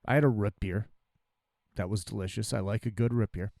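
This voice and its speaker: A podcast host ranting angrily and profanely about a restaurant, full of exasperation. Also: male voice, lowish voice, brisk, gravelly, darkish tone, dry recording, clean studio sound.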